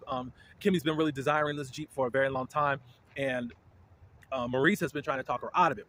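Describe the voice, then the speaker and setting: A man giving casual, blunt commentary as a reality TV recap host, with indignant, animated reactions. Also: mid-range voice, fast talker, slight background noise.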